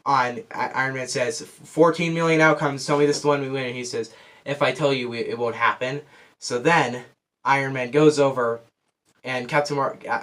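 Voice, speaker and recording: A man's voice: mid-range voice, a bit bright. A man casually recapping a movie plot for a review, rambling and filling his sentences with "like" and "kinda". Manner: rambling, heavy use of "like" and "kinda".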